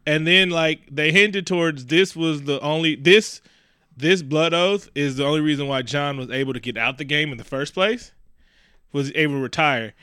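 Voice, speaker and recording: A man's voice: a little high, moderate pace, pushed and bright, smooth, dry recording, clean studio sound. A man in casual chat, animatedly retelling a movie plot with laughs.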